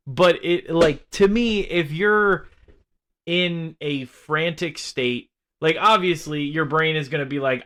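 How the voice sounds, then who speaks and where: A man in a relaxed film review chat who talks at an unhurried pace. He rambles, restarts his sentences and drops casual swears while picking apart plot logic. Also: fairly high pitch, clean tone. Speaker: film podcast co-host.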